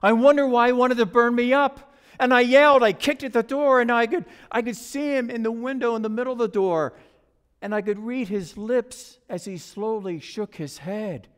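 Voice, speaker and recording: A man's voice: very high-pitched, normal speed, smooth. A man voicing a talking teacup that was once clay, pleading and complaining as it tells its story. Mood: distressed. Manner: pleading, storytelling in first person. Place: church sanctuary. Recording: long church reverb.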